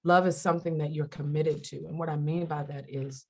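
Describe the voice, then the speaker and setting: A middle-aged radio host and comedian chats candidly as a guest in an interview about faith, an animated storyteller who acts out the voices of the people she quotes. Her voice is deep and her pace brisk.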